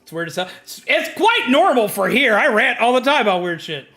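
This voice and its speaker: A man streaming a game, chatting casually with his viewers, ranting with lots of energy, swearing freely and shouting greetings to his chat. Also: very high-pitched, very animated, a little fast.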